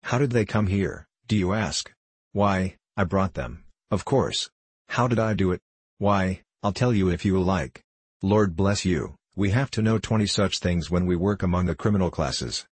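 A man's voice: low voice, normal speed, husky, no room sound. A man voicing a mild, vague little country priest who speaks simply and apologetically in an audiobook reading. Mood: calmly explaining.

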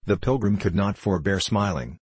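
A man reads a classic novel aloud in a steady, formal way. His voice is deep and somewhat husky, and the sound is close and dry with no room around it. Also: moderate pace, no room sound. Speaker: narrator. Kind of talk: audiobook reading of a classic novel.

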